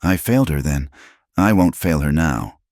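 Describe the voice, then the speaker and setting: A man's voice: a bass voice, animated, normal speed, darkish tone, dry recording, clean studio sound. A man playing an experienced country doctor giving grim, clinical testimony.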